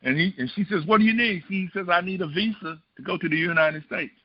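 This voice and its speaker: A man's voice: sits high, fairly quick, slightly rough, no echo, lo-fi sound. A middle-aged man preaching a storytelling sermon, often putting questions to the congregation. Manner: asks the congregation rhetorical questions.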